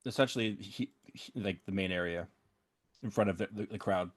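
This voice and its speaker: A man's voice: deep voice, a little fast, slightly rough, no echo, studio quality. Man playing a barbarian, casual and hesitant. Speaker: player. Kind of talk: casual tabletop play.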